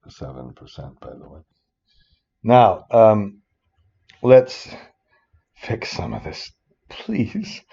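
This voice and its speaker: A rambling older man walks through a spreadsheet tutorial at an unhurried pace. His voice is low, mellow and warm, and it keeps stopping for exasperated asides. The recording is dull and a little muffled. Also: husky. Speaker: instructor.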